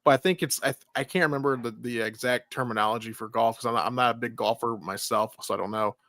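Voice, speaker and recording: A man's voice: mid-range voice, fast talker, pushed and bright, dry recording. A man co-hosting a casual film review chat, rambling, swearing freely and acting out movie lines. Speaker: podcast co-host reviewing a film.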